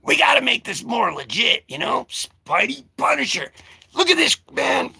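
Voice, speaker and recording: A man hosting a casual comic-book vlog, rambling and joking with sudden shouted bursts. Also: very high-pitched, sing-song, normal speed, vocal fry, breathy edge.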